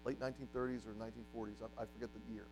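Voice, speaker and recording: A man preaching a sermon to a congregation, telling a story and moving from quiet, hushed passages to loud, emphatic ones. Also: mid-range voice, little pitch movement, very fast, noisy background. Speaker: pastor. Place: church.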